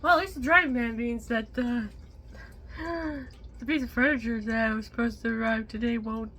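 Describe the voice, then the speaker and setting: A frustrated young vlogger rants and swears at home, alternating loud bursts with quiet muttering. She keeps a moderate pace and a fairly even intonation.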